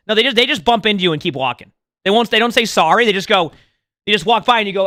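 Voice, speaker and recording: Quick, chatty male streamer. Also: high voice, animated, bright, forceful tone, dry recording, clean studio sound. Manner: rambling, chatty, talks to chat. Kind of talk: casual live-stream chat.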